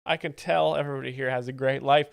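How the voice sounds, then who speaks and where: A man hosting a stream as a mock-serious joke explainer, giving deadpan commentary on stand-up clips. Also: medium pitch, fast, gravelly, clean tone, no room sound, clean studio sound.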